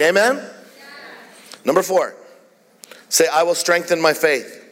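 A man's voice: sits high, fairly bright tone. A man preaching a sermon as a pastor, repeatedly calling out "Amen?" to the congregation. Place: church hall. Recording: long hall reverb.

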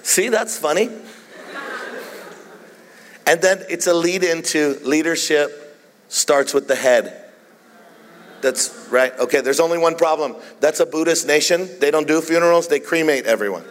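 Unhurried and pausing often, a man with a voice on the high side preaches a sermon. As the pastor, he's a playful, teasing storyteller full of jokes, and a large hall's long reverb colors the recording.

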